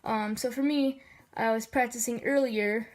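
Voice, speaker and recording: Sniffly woman with a light gravel in her lower register, hesitant, um-filled casual tutor, voice sits a bit high. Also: steady tone, a little slow. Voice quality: slightly gravelly low register. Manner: hesitant, many filler ums. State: sniffly from allergies.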